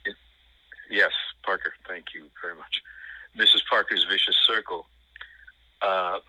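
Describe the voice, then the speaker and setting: An older man with a strong New York accent and a very low, deep voice that is also bright and forceful. He talks in a rambling, halting way, full of fillers and restarts, and the sound is dry and close. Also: no echo, rough recording. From New York City. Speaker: guest. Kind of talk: conversational interview.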